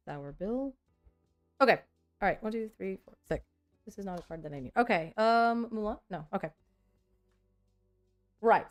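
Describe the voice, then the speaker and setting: A woman's voice: mid-range voice, expressive, a little mellow, faint music behind. A woman talking casually to her viewers as she sorts a pile of trading cards, rambling and poking fun at herself. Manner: rambling, self-mocking, quick mock dialogues. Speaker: content creator building a card deck. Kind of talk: casual vlog chatter while sorting cards.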